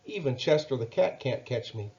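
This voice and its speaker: A man voicing a small, timid but cheerful male mouse who squeaks and stammers kindly. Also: expressive, normal speed, a little mellow, muffled recording, close to an everyday voice.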